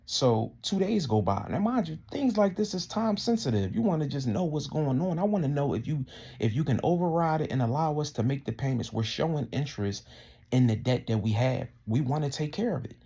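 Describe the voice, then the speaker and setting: A man's voice: a little high, animated, fairly quick, gravelly, warm tone, husky. A man ranting heatedly and indignantly, full of profanity, his voice climbing as he gets worked up. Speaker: vlogger. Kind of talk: casual profane rant to camera.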